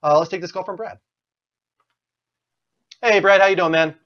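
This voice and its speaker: A man hosting a casual live call-in show, upbeat and quick to laugh. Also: sits high, steady tone. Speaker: show host taking calls. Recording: dull lo-fi stream audio.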